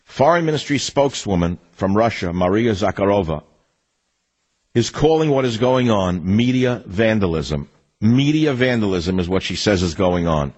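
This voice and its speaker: A man's voice: on the low side, lively intonation, moderate pace, darkish tone, slightly rough, dull audio. An older man hosting a political talk radio show, reading an ad and then ranting in a combative, mocking way.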